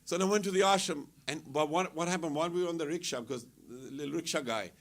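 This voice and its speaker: A man's voice: fairly high pitch, quick pace. A man telling funny travel stories at a temple gathering, laughing often and acting out what people said. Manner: animated, laughing anecdotes with acted-out quotes. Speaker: temple speaker. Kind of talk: casual storytelling talk.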